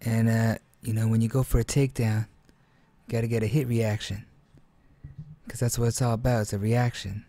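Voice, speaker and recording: A man voicing a laid-back male gamer who gives tips in a quiet, low-key way. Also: little pitch movement, fairly quick, long pauses, natural voice.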